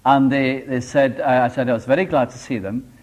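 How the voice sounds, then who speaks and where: A Welsh man preaching a sermon, animated and homely, telling a simple story with small jokes. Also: medium pitch, brisk. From Wales.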